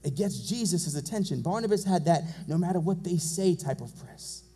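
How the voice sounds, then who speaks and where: A male pastor preaching a fervent sermon in a church, repeating phrases and building to shouts. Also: sits high, animated, moderate pace, slightly rough. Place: church sanctuary.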